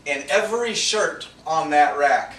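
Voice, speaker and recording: A man's voice: a little high, expressive, unhurried, a bit bright. A man and minister telling a personal story in a sermon, earnest and confessional, dropping to a near-whisper for his inner thoughts. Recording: echoey from a distance, faint background noise.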